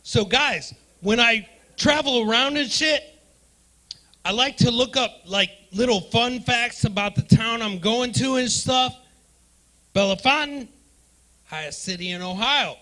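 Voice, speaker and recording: A man's voice: very high voice, unhurried, bright, forceful tone. A man doing a stand-up comedy set in a club, working the front row with brash, profane banter into a handheld mic. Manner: brash, profane crowd work.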